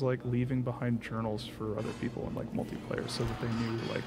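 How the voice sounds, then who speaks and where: A man's voice: mid-range voice, level tone, fairly quick, over music. A young man streaming a game, chatting in a rambling way, swearing freely and laughing often. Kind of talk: casual chat while playing.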